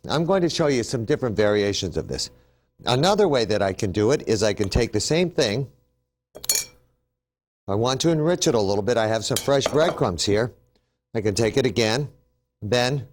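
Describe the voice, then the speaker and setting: A man hosting a TV cooking demonstration, upbeat and chatty, explaining each step as he works. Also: medium pitch. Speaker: cooking show host.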